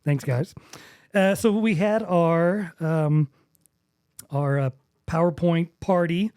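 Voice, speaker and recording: A man's voice: a little high, darkish tone, smooth, dry recording, clean studio sound. A young man from with a drawl, hosting a casual podcast chat and joking around as he rambles. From West Texas. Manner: joking, rambling, quick to laugh. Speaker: podcast host.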